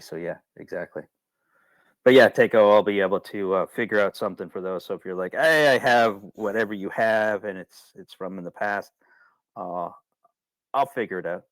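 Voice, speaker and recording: A man hosts a casual webinar, talking loosely and circling back over his points. His voice sits a little low, and the computer mic gives it a close, dry sound with no room echo. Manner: rambling, colloquial, repeats himself when worked up. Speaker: webinar host.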